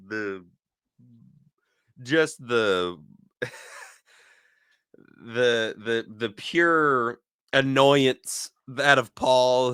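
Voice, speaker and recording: A man hosts a casual wrestling review, telling each segment as an animated story and doubling back on his words. His voice is bright and smooth. The sound is dry and close. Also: medium pitch, no echo. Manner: animated storyteller who acts out quotes, laughs often; repeats words and restarts mid-sentence.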